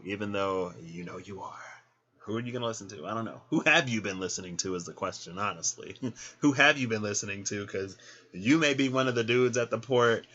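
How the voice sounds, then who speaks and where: A man giving a casual tarot reading, chatty and animated, who laughs often and acts out little scenes. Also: lowish voice, highs cut off. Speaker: tarot reader.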